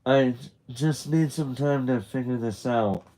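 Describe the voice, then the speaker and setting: A man's voice: mid-range voice, a little slow, mellow, natural voice, rough recording. Man voicing an anxious, tearful teenage boy. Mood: pleading. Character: anxious, emotional teenage boy, flustered and apologetic.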